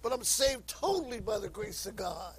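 A man's voice: animated, moderate pace, gravelly, faint music behind, rough recording. A man preaching a sermon with passion, reading scripture aloud and calling out to sinners. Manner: impassioned, rising to high shouts; reads scripture aloud in King James wording.

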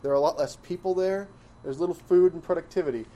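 A man preaching a sermon, emphatic and full of rhetorical questions, swinging between loud stresses and quiet asides. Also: on the high side, fast talker, highs cut off. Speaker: pastor.

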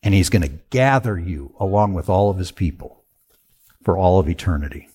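A man's voice: sits low, lively intonation, moderate pace, darkish tone, breathy edge. A man preaching a sermon, asking the congregation rhetorical questions and answering them himself. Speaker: pastor.

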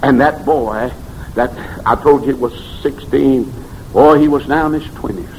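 A man preaching a revival sermon, telling stories and swinging between shouted peaks and hushed low passages. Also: unhurried, slight background noise, low-quality recording.

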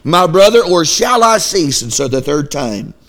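A male pastor delivering a midweek sermon in a fairly high voice. He reads scripture aloud and slips into the voices of the Israelites. His talk is folksy and animated. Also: moderate pace.

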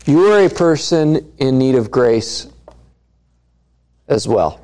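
A man's voice: mid-range voice, lively intonation, slow, darkish tone. A man preaching a sermon, putting questions to the congregation and repeating key lines for emphasis. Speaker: pastor.

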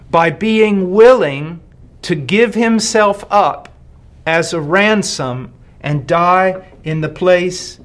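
A man preaching a sermon, slowing down and stressing key words and repeating phrases for emphasis. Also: a little high.

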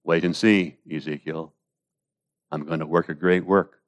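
A man voicing the Lord God answering a prophet, hushed, slow and solemn. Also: sits low, steady tone, muffled recording. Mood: solemn assurance. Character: the Lord God speaking to the prophet, calm, assured.

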